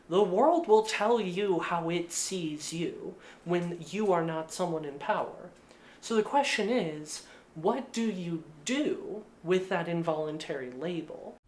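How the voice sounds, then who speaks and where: A woman's voice: on the low side, a little mellow, a little hiss or hum. A woman narrating a video essay in a casual way, with lots of filler words. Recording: roomy echo.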